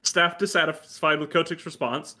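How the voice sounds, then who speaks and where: A man's voice: on the high side, fairly even intonation, normal speed, pushed and bright. A man co-hosting a casual gaming chat show, wry and joking. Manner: wry, joking, reads quotes aloud. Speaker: podcast co-host.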